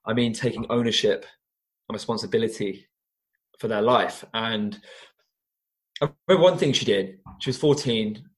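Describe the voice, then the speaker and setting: A young man, a former teacher and youth coach, telling stories in an interview in an earnest, animated way with frequent restarts. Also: fairly low pitch, normal speed, long pauses. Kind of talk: conversational interview storytelling.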